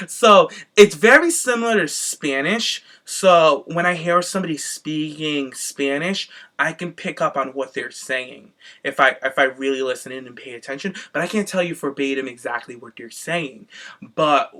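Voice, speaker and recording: A man's voice: on the high side, moderate pace, sharp tone. A man hosting a podcast, recapping a reality show in sassy, gossipy casual chat, swearing freely and acting out other people's voices. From Cape Verdean heritage.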